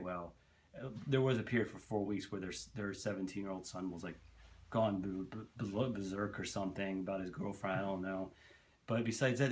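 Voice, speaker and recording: A man telling a long personal story to camera for his vlog, rambling and candid, swearing freely and tripping over his words. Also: fairly low pitch. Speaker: vlogger.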